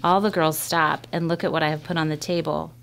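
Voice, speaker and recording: A woman reading a children's novel aloud in a measured first-person storytelling manner. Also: low-pitched, fairly even intonation, vocal fry, fairly bright tone, clean tone. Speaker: reader.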